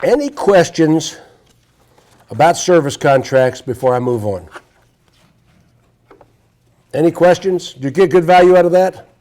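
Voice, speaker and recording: A man's voice: on the high side, expressive, unhurried, long pauses, warm tone. A man teaching a live sales seminar to an audience, brash and profane as he tells stories. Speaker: sales trainer.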